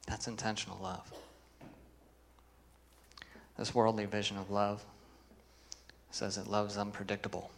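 A man's voice: on the low side, flat delivery, a little slow, gravelly, long pauses, slight background noise. A man preaching a sermon as pastor, earnest, reading scripture with emphasis and putting questions to the congregation.

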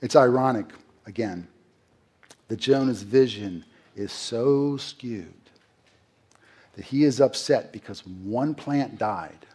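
A man's voice: mid-range voice, slow, pauses often, dark tone, husky. A middle-aged man preaching a sermon in a conversational way, asking the congregation questions and acting out quotes. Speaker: pastor.

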